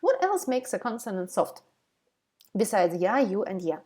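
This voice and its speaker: A woman teaching a language lesson, saying each word twice, slowly and carefully, with short plain explanations. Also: mid-range voice, very animated, dark tone. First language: Ukrainian. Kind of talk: slow alphabet lesson with repeated words.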